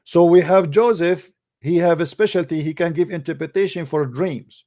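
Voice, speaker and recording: Guy ranting in a livestream debate, kinda high voice, broken english, scolding and mocking people. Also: normal speed, warm tone. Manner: confrontational, mocking, lecturing; non-native English grammar. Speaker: religious debater. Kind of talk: combative livestream talk.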